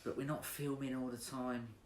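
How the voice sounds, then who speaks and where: A woman's voice: extremely low pitch, steady tone, moderate pace, a little mellow, reverberant. A woman, a YouTube vlogger, chatting in a laid-back way with dry teasing asides. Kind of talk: casual chat answering a tag.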